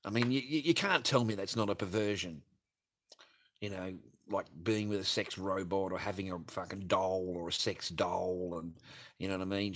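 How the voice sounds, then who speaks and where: A man hosting a livestream rants crudely and laughs while reading viewers' superchats aloud in a casual way. His voice is low, with a fairly bright tone.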